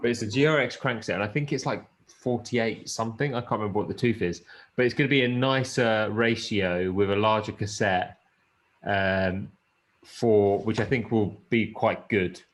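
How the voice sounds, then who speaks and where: Male podcast host, lowish voice, loose casual chat with fillers. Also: normal speed. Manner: chatty, rambling, with fillers and swearing. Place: lives in the Peak District.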